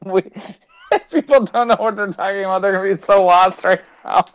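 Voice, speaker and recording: Higher-voiced man rambling in podcast chat. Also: moderate pace, dry recording. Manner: rambling, self-deprecating storyteller. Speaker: podcast co-host. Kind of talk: casual chat.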